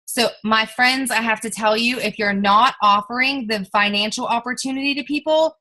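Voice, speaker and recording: A young woman leading a team on a video call, coaching them in an upbeat, coaxing way and acting out sample pitches to friends. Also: sharp tone, rough recording. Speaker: network marketing team leader. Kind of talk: motivational sales coaching on a group video call.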